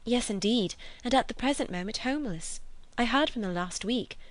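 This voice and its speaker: A woman's voice: a little high, expressive, moderate pace, no room sound, pitched above the performer's own voice, close to an everyday voice. A woman reading aloud, voicing an earnest, eager young woman with a lifted, pleading tone. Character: earnest, lively young Englishwoman.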